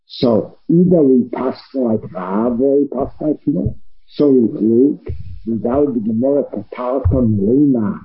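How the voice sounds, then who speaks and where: A man's voice: mid-range voice, husky, narrow, tinny audio. A man teaching a Talmud lesson, thinking aloud, repeating words and restarting phrases as he works through the argument. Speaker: Torah teacher. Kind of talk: Talmud lecture.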